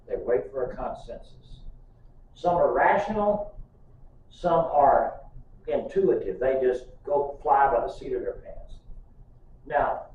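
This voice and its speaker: A man's voice: fairly high pitch, a little hiss or hum. An older man preaching a sermon as pastor, telling folksy stories with humor. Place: church sanctuary. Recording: distant, echoey, muffled church recording.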